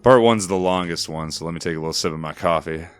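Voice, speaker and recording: Male gamer, casual walkthrough commentary, laid-back, mumbling asides, low voice, smooth clean tone. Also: fast, soft background music. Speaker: gameplay commentator.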